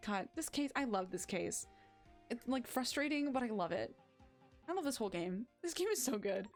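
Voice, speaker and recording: A young woman streaming a game, chatting casually in a gushing, excitable, rambling way, from a home setup. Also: fairly high pitch, normal speed. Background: faint background music.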